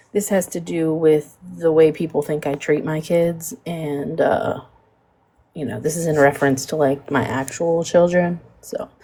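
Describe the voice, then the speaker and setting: A woman hosting a live stream in casual chat, speaking softly and hesitantly with many fillers. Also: sits low, creaky.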